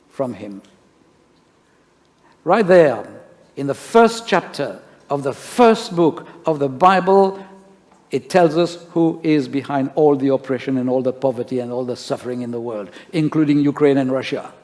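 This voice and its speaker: A man's voice: a little high, darkish tone. Male pastor preaching in a reverberant church. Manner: storytelling preacher with rhetorical questions. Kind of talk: sermon. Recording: long church-hall reverb.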